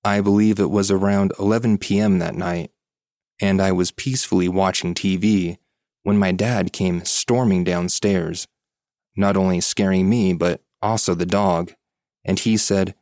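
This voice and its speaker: A man hosting a podcast, reading a listener's ghost story aloud as scripted narration in a measured, suspenseful way. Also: low-pitched, fairly even intonation, a little mellow, no echo, clean studio sound.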